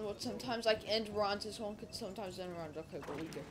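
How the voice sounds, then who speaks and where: A woman hosting a gaming channel, chatting casually through a speedrun race with lots of "like" and sudden excited outbursts. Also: medium pitch, quick pace, background noise. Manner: rambling, filler-heavy, excitable outbursts. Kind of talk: casual gameplay commentary. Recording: game music playing loudly behind. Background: game music.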